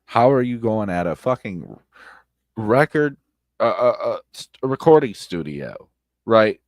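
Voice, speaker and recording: A man with a very deep voice rants about online drama on his stream, swearing freely and circling back over his points. His voice sits close and dry on the mic, with no room around it. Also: big pitch swings, unhurried, no room sound. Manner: blunt, swears freely, repeats himself, loud outbursts. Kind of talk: casual profane commentary stream. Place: home streaming setup.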